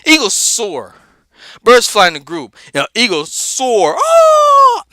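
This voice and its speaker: A man putting on a laid-back, high-voiced, street-talking comedic character, delivering an animated, preachy motivational rant that rattles off repeated words. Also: takes it slowly, no echo, full character voice.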